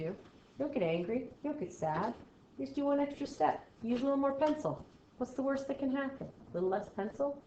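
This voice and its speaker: A woman math teacher giving a classroom lesson to students, talking in a chatty, playful way with jokey asides and swings from loud to quiet. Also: on the high side, a little hiss or hum. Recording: echoey classroom, dull lo-fi sound.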